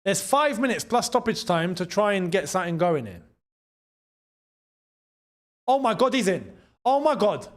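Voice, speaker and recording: Lively, high-pitched London man. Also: normal speed, long pauses. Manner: chatty, laughs often, reads out super chats. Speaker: watchalong host. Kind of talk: casual live match commentary.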